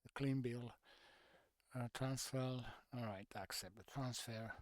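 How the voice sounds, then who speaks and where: This man is streaming a game, half-muttering through menu choices in casual commentary with slightly non-native phrasing. He has a medium-pitched voice and talks a little slowly, and the recording is dry.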